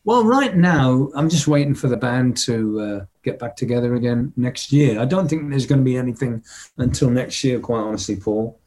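Brief: older male musician guest, mid-pitched voice, lively storyteller who scats drum beats. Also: moderate pace. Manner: animated anecdotes, mimics drum patterns vocally. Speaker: interview guest, rock drummer. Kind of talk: casual storytelling interview.

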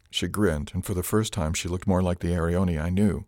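A man narrating a first-person audiobook with a low, steady voice. His delivery is measured and even, recorded close on a studio mic in a dry, dead room. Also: dry recording.

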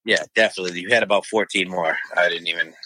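Bright-voiced man in casual sports chat. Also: deep voice, fairly even intonation, fast talker, no echo. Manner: loose, joking, trails off into laughs. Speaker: podcast co-host.

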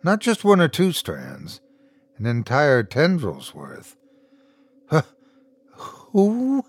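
A man reading a first-person horror story aloud as host and narrator, expressive and dramatic. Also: medium pitch, slow, husky, dry recording.

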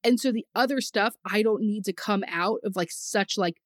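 A woman's voice: mid-range voice, normal speed, no echo, studio quality. A woman co-hosting a podcast in casual chat, chatty and laughing often, with lots of "like" fillers. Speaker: podcast co-host.

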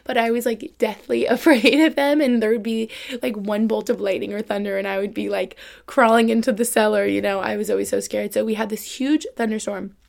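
A woman's voice: medium pitch, fairly even intonation, brisk, creaky, darkish tone. A young woman from upstate New York hosting a casual podcast, rambling upbeat chat full of "like", recorded on a desk microphone into a computer. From Albany, New York. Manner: rambling, upbeat, chatty, lots of "like". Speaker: podcast host.

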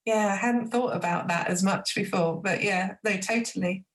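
A woman novelist reading from her own book with measured, reflective delivery, then talking about the writing. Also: mid-range voice. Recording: roomy echo.

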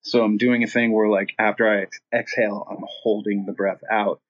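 A middle-aged man with a husky, slightly breathy voice tells a sprawling story in a relaxed interview. He rambles and swears freely, jumping into other people's voices as he goes. The audio is dull and lo-fi. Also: lowish voice, a little fast. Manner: rambling, profane, animated when quoting himself and others. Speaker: guest, rock singer.

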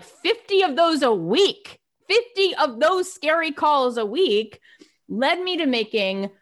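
A woman hosting a podcast, telling a motivational story and acting out her old phone calls with lively energy. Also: high voice. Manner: animated, acts out her own past phone calls. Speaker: podcast host.

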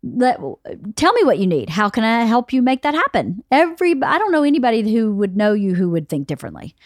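A woman's voice: a little high, big pitch swings, fairly quick, dry recording, clean studio sound. A woman hosting a podcast, chatting casually with friends in a blunt, teasing way and swearing freely. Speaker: podcast host. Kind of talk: casual chat among friends.

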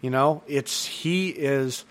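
A man's voice: mid-range voice, slow pace. A man hosting a solo podcast recap, talking in an earnest, rambling way with lots of fillers and restarts. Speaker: podcast host.

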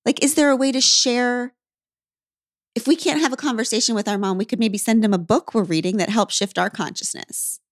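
A woman's voice: a little high, fairly quick, no echo. Woman host thinking aloud, dry sound. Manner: thinking aloud, searching questions. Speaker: podcast host. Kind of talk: conversational podcast interview.

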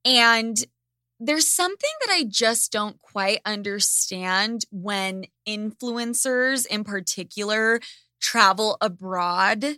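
A woman hosting a podcast in casual chat, ranting in an animated, profane way. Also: mid-range voice, takes it slowly, clean tone, no room sound, clean studio sound. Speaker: podcast host.

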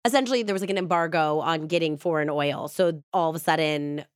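Low-voiced woman telling a true crime story. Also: fairly quick, clean tone, no echo, studio quality. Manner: casual and chatty, with frequent "like". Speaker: podcast host.

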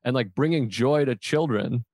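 A man's voice: mid-range voice, normal speed, a little mellow, no echo, clean studio sound. A male comedian in casual chat, candidly telling a self-mocking story and quoting himself with profanity. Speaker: comedian podcast host.

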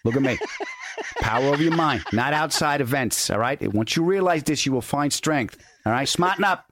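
A man voicing his gruff older Italian-American father, commanding like a crime boss, with an Italian-American accent. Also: fairly high pitch, moderate pace, background noise, lightly acted. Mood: lecturing. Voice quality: blunt, commanding, swings from calm to loud.

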